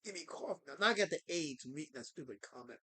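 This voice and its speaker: A livestream host rants at his chat with theatrical mock indignation, lurching between loud outbursts and low mutters. His delivery is expressive and fast, in a husky voice.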